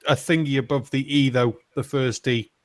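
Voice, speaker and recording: A man's voice: medium pitch, steady tone, brisk, dry recording. A man hosting a casual poker stream, chatting, swearing and telling jokes. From North Wales. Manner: swearing, laughs between lines.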